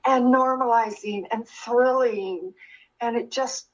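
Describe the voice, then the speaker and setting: A woman's voice: fairly high pitch, takes it slowly, lo-fi sound. Older woman telling a heartfelt story. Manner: earnest, animated when telling a story, with many restarts. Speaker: guest sharing her experience. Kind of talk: reflective personal storytelling.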